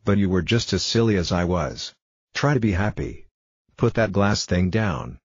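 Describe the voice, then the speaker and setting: A man voicing a proud, fragile female flower, reading her lines calmly with little change of voice. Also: low-pitched, normal speed, husky, no room sound, exaggerated voice. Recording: dull lo-fi dry recording.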